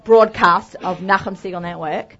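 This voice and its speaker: A woman's voice: fairly low pitch, normal speed, a bit bright. An Australian woman hosting a live cooking demonstration, talking chattily and upbeat with lots of asides. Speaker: cooking show host. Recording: dull lo-fi sound.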